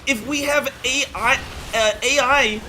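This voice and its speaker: A man putting on a whiny young American man with a drawn-out, nasal American accent. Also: extremely high pitch, steady tone, sharp tone, a little hiss or hum, pitched above the performer's own voice, heavily acted, low-quality recording. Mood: whining. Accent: put-on American.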